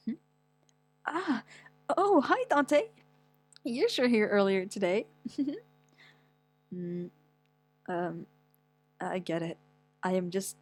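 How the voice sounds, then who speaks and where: A young woman reading a manga aloud with dramatic, stammering delivery and wailing outbursts. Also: no room sound. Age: young adult. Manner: animated, quick pitch swings, stammers, whiny wails. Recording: dry close mic with faint music.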